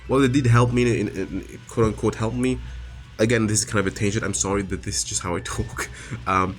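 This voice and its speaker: Over soft background music, a man talks a little fast in a lowish voice with fairly even intonation. He's a vlogger delivering a confessional monologue directly to camera, raw and frustrated, stumbling through restarts and fillers.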